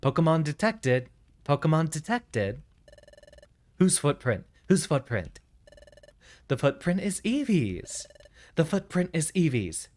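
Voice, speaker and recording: Brief: man voicing a barking, officious guard, repeating calls, lively pitch. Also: takes it slowly, pauses often. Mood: announcing. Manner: loud, repetitive announcing.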